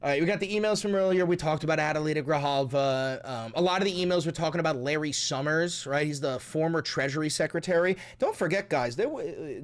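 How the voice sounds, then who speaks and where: Brief excitable man, sarcastic and profane, lively swooping pitch, casual vlog commentary. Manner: profane, excitable and sarcastic, swings between muttering and shouting. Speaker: political commentary creator.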